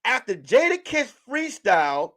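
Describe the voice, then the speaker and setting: A man vlogger delivering a loud, mocking comedic rant straight to camera. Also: very high-pitched, sing-song, unhurried.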